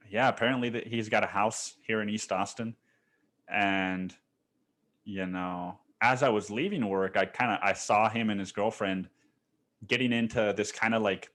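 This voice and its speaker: A man's voice: lowish voice, a bit bright. Guy rambling on his own podcast, swears a ton, says dude every other line, laid back. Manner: loose, laid-back storytelling with restarts. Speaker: podcast host. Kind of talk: casual solo podcast monologue.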